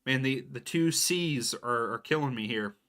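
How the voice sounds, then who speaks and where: A man's voice: mid-range voice, moderate pace, fairly bright tone. A young adult man doing casual live match commentary for a watchalong stream, reacting to plays and answering viewers by name. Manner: casual, reacts to plays and reads out chat names.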